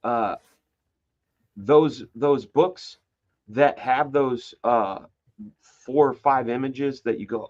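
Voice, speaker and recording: A man's voice: mid-range voice, slow, muffled recording. A man telling stories in a casual podcast chat, swearing freely and acting out what others said. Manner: animated storyteller, swears, acts out quotes. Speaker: comic book artist guest.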